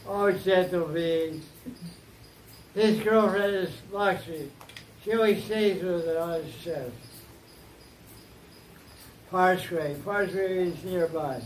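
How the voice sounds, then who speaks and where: A high-pitched man leads an informal scripture class, retelling a story at an unhurried pace with playful asides. The sound is roomy and echoing. Faint crickets chirp in the background. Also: a little hiss or hum. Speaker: spiritual teacher.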